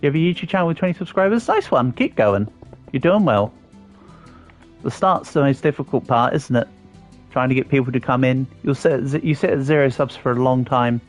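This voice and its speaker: A man's voice: mid-range voice, animated, brisk, faint music behind. An English man in his thirties, chatting casually on a live stream and answering viewers' comments as he builds. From England. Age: 30s. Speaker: livestreamer.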